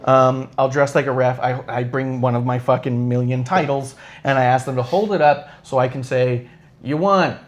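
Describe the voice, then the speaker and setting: A man's voice: medium pitch, fairly even intonation, normal speed, hardly any pauses. Swearing man telling a rambling story. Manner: acts out quoted dialogue with shifting voices. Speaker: podcast host. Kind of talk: casual live podcast chat.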